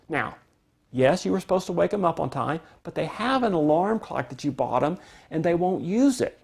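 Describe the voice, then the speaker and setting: A man teaching a parenting lesson, calmly explaining and acting out what parents and kids say. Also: a little high, moderate pace. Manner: calm, explanatory, acts out parent and child quotes. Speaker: parenting instructor.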